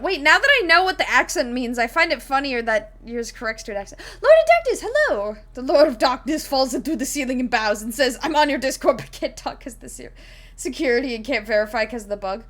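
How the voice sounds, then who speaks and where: A woman's voice: fairly high pitch, a little fast, fairly bright tone. A woman streaming live, chatting casually with viewers in a rambling way, giggling and full of fillers while she explains a tabletop game.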